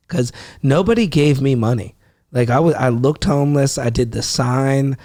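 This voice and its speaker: Animated young man telling a story. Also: medium pitch, normal speed, no room sound, clean studio sound. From Ohio. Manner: animated, acts out quotes, swears freely. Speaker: comedian guest. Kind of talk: casual podcast storytelling.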